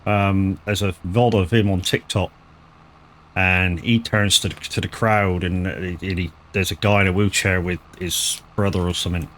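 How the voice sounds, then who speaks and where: A man's voice: low-pitched, steady tone, normal speed, a bit bright. A man chatting casually on a live gaming stream, rambling, stumbling over words and swearing freely. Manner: rambling, swears freely, lots of restarts and stammers.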